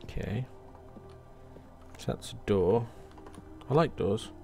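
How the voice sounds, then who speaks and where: A man's voice: fairly low pitch, slow, vocal fry, darkish tone, soft background music. A man commenting jokingly as he plays a horror game, mocking the monsters and talking to them. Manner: joking, sarcastic, talks to the monsters. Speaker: gamer playing a horror game. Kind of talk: let's play commentary.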